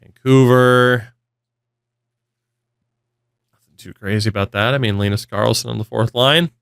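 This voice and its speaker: A man's voice: medium pitch, steady tone, measured pace, gravelly, fairly bright tone, clean tone, dry recording, clean studio sound. A young man giving rambling, offhand commentary on a hockey video game, swearing now and then. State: yawning, with hiccups. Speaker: gaming video creator. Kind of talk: casual commentary over gameplay.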